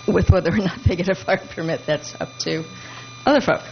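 Gravelly-voiced woman giving a halting report. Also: lowish voice. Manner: halting, many fillers and restarts. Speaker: council member giving a report. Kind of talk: public meeting report. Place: public meeting room. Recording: muffled meeting room audio with hum.

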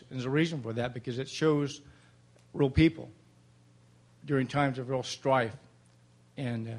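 Older guy talking at a council mic, folksy and plainspoken, gets emotional. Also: medium pitch. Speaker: public commenter at city council. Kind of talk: public comment speech.

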